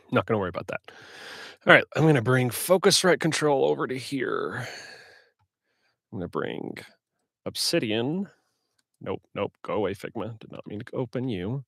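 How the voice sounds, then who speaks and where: A man's voice: medium pitch, creaky, no room sound, clean studio sound. A man with a slightly scratchy voice, rambling casually to himself as he sets up a live stream. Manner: rambling self-talk while setting up software. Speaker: streamer and audiobook narrator. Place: home recording setup.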